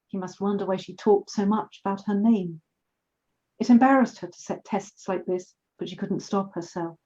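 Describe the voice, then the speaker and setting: A woman author reading aloud from her novel in a measured, careful way over a video call. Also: mid-range voice, steady tone, warm tone, highs cut off.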